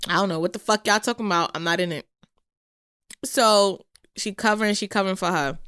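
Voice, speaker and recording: A woman's voice: mid-range voice, fairly quick, a bit bright, clean tone, dry recording, clean studio sound. A young woman co-hosting a podcast, telling a childhood story in a blunt, profane, casual way. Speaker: podcast co-host.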